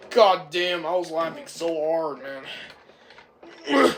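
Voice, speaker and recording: A reviewer with a sore throat rambling casually through a film's plot, clearing their throat again and again. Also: mid-range voice, lively intonation, extremely slow. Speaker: film reviewer. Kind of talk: rambling casual movie recap.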